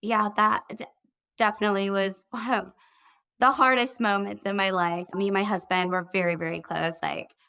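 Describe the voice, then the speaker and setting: A woman in her thirties, a guest in an interview, telling a personal story in an earnest, candid way and talking in quick bursts. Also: mid-range voice, steady tone, creaky, pushed and bright, clear, resonant tone. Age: 30s.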